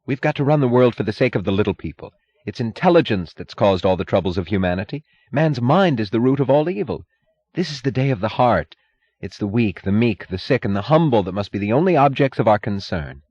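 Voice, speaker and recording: A man's voice: mid-range voice, animated, brisk, a little mellow, breathy edge, highs cut off, pitched above the performer's own voice. A man reading an audiobook, voicing a smug middle-aged bureaucrat who preaches in an oily, sanctimonious manner. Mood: preachy.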